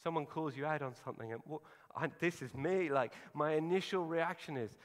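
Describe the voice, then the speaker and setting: A man preaching a sermon, earnest and emphatic, pausing for effect. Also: fairly high pitch. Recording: hall reverb.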